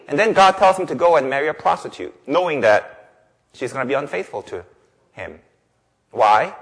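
A man's voice: on the high side, expressive, moderate pace, pauses often, fairly bright tone, husky. A male pastor preaching a sermon, emphatic, with rhetorical questions and repeated phrases. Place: church sanctuary. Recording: long reverb of a large hall.

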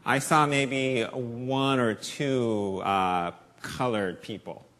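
An Asian American man, middle-aged, preaching a sermon as pastor of his church, with a slight Southern accent, shifting from hushed, earnest lines to loud, animated asides. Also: mid-range voice, extremely slow. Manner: conversational preaching with wide swings in loudness, from hushed to animated.

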